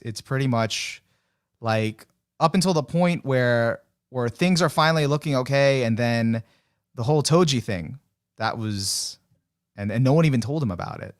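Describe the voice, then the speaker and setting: Podcast guest, male, lively pitch swings, rambling casual talk. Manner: rambling, many fillers, laughs often. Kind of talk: casual chat.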